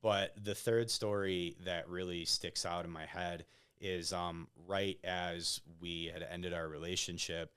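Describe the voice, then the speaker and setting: A low-pitched man recounts personal stories as a podcast guest in a loose, chatty way. His voice is smooth and resonant, and he keeps checking in with "right?" as he talks. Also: fairly even intonation, unhurried, fairly bright tone. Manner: conversational, peppers stories with "like" and "right?". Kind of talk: casual interview storytelling.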